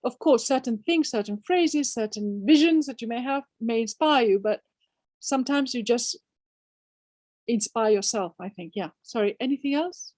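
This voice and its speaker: An older woman author from Spain speaks with a fairly high voice. She answers questions emphatically, restarting often and firing off rhetorical questions. The recording is dry, with no room sound. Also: expressive, normal speed, darkish tone, no room sound. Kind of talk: conversational Q&A.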